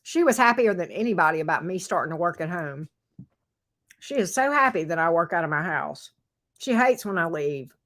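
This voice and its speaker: Middle-aged woman, livestream host, chatty and animated, reading viewer comments aloud. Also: lowish voice, normal speed. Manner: chatty, reads out and answers viewer comments, coos at her dog. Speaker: tarot reader and livestream host. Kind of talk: casual livestream chat with viewers. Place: home office room.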